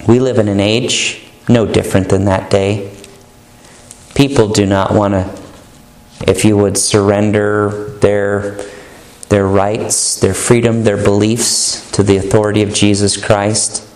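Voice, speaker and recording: A man's voice: fairly low pitch, flat delivery, takes it slowly, darkish tone. A male pastor preaching a sermon in an earnest, emphatic manner, stretching out key words. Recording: echoey room.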